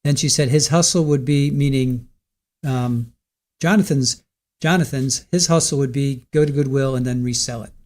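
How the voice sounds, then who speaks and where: A man's voice: medium pitch, moderate pace, darkish tone. A man hosting a live trial stream, chatting casually and rambling as he practices a name aloud.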